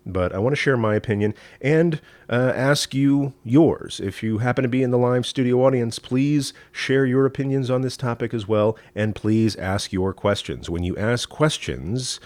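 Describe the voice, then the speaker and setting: A rabbi from East Texas with a Southern accent, hosting a live-streamed teaching talk in a folksy, rambling way with many fillers. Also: male voice, mid-range voice, moderate pace, hardly any pauses, a little mellow, no echo. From East Texas, USA. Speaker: rabbi and show host.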